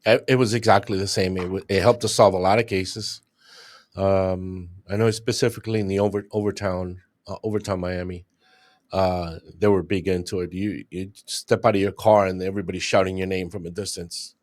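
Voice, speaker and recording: Middle-aged male guest, retired homicide detective; low register, lively storyteller. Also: brisk. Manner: animated storyteller, acts out what others said. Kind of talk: casual interview talk.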